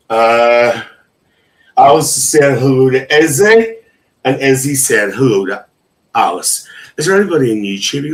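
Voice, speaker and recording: A man's voice: mid-range voice, a bit bright, low-quality recording. A man hosting a casual livestream, reading viewers' comments aloud in an emotional, chatty way with frequent laughter. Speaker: livestream host.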